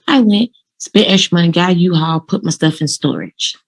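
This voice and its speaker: A woman vlogging casually, giving motivational law of attraction tips and telling her own story in an animated, informal, direct way. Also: lowish voice, moderate pace, creaky, breathy edge. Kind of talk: casual motivational vlog talk.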